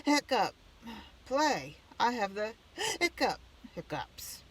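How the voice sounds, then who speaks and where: A storybook reader voicing a fretful man whose speech keeps breaking off in hiccups, pitched up and louder than the narration. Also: big pitch swings, slow, exaggerated voice. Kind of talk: storybook read-aloud.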